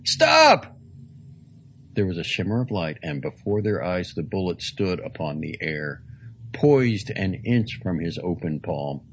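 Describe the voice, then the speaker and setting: A man reading a story aloud in a slow, deliberate, dramatic way. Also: sits low, darkish tone, muffled recording, a little hiss or hum. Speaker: narrator. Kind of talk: audiobook reading.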